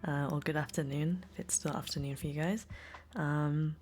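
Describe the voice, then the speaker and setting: A woman's voice: low voice, fairly even intonation, normal speed, a little mellow, faint music behind. A young woman, a live streamer, chatting casually and giggling often with her chat from home. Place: home room.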